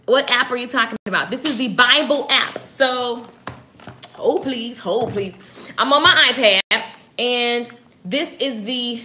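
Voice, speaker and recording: A woman hosting a casual inspirational live stream, energetic and chatty, greeting viewers by name. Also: sits high.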